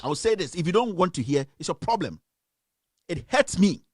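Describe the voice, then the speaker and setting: A man's voice: high-pitched, big pitch swings, brisk, dry recording, clean studio sound. A Ghanaian man hosting a radio stream, giving angry, impassioned news commentary and repeating himself. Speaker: radio host. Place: home in the United States.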